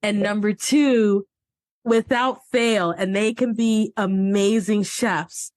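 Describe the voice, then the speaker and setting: A woman's voice: medium pitch, steady tone, takes it slowly, a little mellow, no echo. A woman hosting a podcast in casual interview chat, chatty and laughing often, with family from Cameroon. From Cameroon, English-speaking side. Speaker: podcast host.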